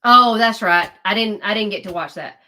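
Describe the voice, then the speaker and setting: A woman's voice: medium pitch, moderate pace, pushed and bright. A woman hosting a livestream, talking to her viewers in casual political commentary, emphatic and often repeating herself. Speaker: livestream host.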